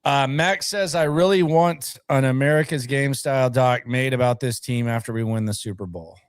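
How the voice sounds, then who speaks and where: A man's voice: medium pitch, moderate pace, clean tone, no echo. A man co-hosting a casual sports talk show, chatting about football and reading viewer comments aloud.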